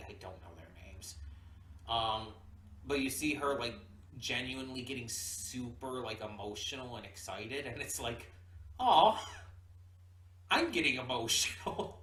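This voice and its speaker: A man's voice: mid-range voice, a bit bright. A man giving casual reaction commentary as host of his channel, rambling with many fillers and restarts. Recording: echoey room, mic at a distance.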